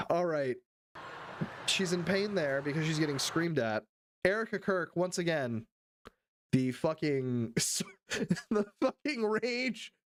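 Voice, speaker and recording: A young man streaming, reacting to clips in profane, excited commentary full of laughs. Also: fairly high pitch, clear, resonant tone, no echo, studio quality.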